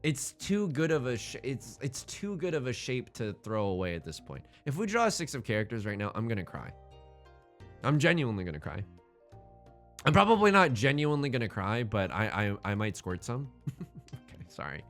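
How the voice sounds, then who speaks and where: Lively jokey man narrating gameplay. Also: mid-range voice, fairly quick, faint music behind. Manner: jokey, self-mocking, pleading with the game. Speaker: let's play host. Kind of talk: game commentary.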